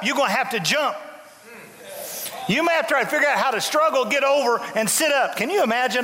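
A man preaches in a church, his voice pitched very high and bright. He jokes with the crowd and hammers refrains over and over. The hall gives his words a long reverberating tail. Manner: folksy, humorous, emphatic preaching with repeated refrains. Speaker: bishop preaching. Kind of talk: sermon. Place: church sanctuary.

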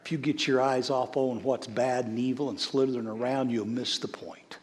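A man preaching a sermon as a bishop, swinging between loud calls and hushed storytelling. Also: mid-range voice, fairly even intonation, moderate pace, a crowd in the background. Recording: long hall reverb.

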